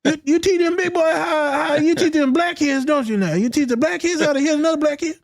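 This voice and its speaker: A man's voice: extremely high pitch, brisk, gravelly, voice pushed up. A man voicing a condescending male stranger who sneers at a coach, in a raised, exaggerated voice. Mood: mocking.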